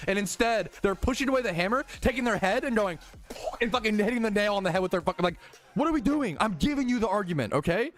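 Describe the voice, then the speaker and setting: A young American man ranting casually and profanely to his stream chat, heated and animated. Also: high voice, fairly quick, soft background music. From United States.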